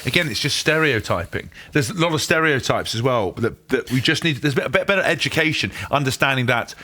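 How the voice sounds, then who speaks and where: A man in his thirties from England, co-hosting a casual sports chat in an animated, jokey way. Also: mid-range voice, quick pace. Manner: animated, jokey, self-interrupting. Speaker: podcast co-host, former rugby player.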